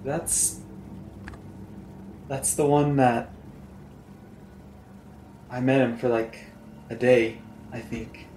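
A man playing a tabletop game, chatting casually and slowly with the group. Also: medium pitch, fairly even intonation, dark tone, reverberant, slight background noise, rough recording. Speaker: player.

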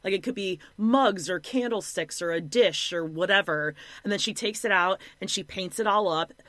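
A woman's voice: medium pitch, no echo. Chatty podcast woman, dry sound. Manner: chatty, quick, animated storytelling with fillers. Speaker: podcast co-host. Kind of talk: casual chat.

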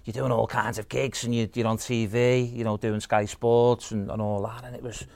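A man's voice: mid-range voice, little pitch movement, gravelly, darkish tone, dry recording. A man, a guest impressionist chatting casually on a podcast and laughing as he tells stories. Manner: quick, chatty, laughs while telling stories.

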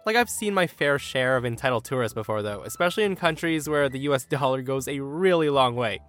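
A man reading an online story aloud in an animated, emphatic way. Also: mid-range voice, fairly quick, soft background music. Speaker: story narrator.

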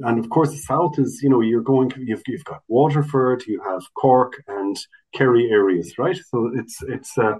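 A man's voice: mid-range voice, darkish tone, low-quality recording. A man, a guest in a casual interview, talking in a chatty, explanatory way full of restarts and asides. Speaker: guest, Irish language officer.

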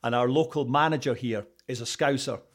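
A Scottish man talking in a relaxed interview. He rambles through his stories with plenty of fillers and restarts, and he laughs easily. His pitch sits in the middle range for a man. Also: a little fast. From Scotland. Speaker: interview guest, radio presenter. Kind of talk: casual interview chat.

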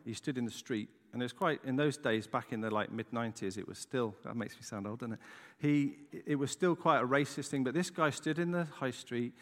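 A man's voice: mid-range voice, brisk, few pauses. A middle-aged English man preaching, telling a story dramatically and checking in with the listeners as he goes. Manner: animated, dramatic storytelling with frequent "right?" asides. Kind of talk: storytelling sermon. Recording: long hall reverb.

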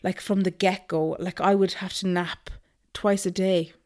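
A woman's voice: lowish voice, unhurried. Chatty woman telling her story. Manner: chatty, animated, frequent ums and likes. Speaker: guest. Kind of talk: casual storytelling interview.

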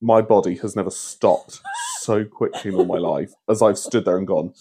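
A man's voice: low-pitched, steady tone, moderate pace, mellow, husky. A man co-hosting a podcast, chatting casually with a wry, mock-indignant manner. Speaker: podcast co-host. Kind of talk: casual chat.

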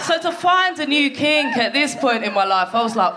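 A woman in her forties performing a stand-up comedy set on a theatre stage, telling a story full of swearing and quick asides to the crowd. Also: on the high side, expressive. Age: 40s. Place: theatre stage before a live audience. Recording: noisy live theatre recording.

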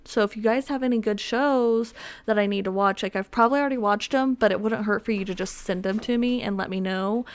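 A young woman hosting a podcast from home, chatting casually in a rambling, filler-heavy, self-mocking way. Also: medium pitch. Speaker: podcast host. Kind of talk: casual solo chat. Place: home with dogs around.

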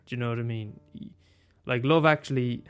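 A man's voice: medium pitch, fairly quick, fairly bright tone, smooth, faint music behind. Rambling man talking films. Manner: rambling, frequent restarts, swears casually, laughs often. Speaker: film commentator. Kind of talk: casual monologue.

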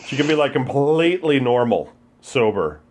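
A man's voice: mid-range voice, very animated, normal speed, a little mellow. A man in a casual chat, mostly giving short, laid-back replies.

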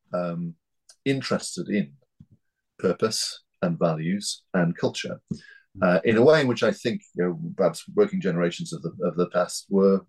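A man in his fifties from North East England, speaking as an interview guest in a measured, hesitant way with many fillers and restarts. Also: sits low, a little mellow, low-quality recording. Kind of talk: reflective interview talk.

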